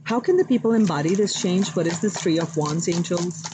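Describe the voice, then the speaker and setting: A woman giving a live tarot reading, speaking warmly and directly to her viewers with affirming spiritual encouragement. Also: lowish voice, fairly quick, background noise. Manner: chatty, addresses viewers directly. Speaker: tarot card reader.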